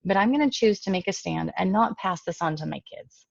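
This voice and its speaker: A woman speaks to parents in a casual, emphatic way through a computer mic. Her voice has a strong gravelly fry. The recording is dry and dull, with lo-fi computer audio. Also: medium pitch, expressive, fairly quick, no echo. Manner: conversational, emphatic. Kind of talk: casual online talk.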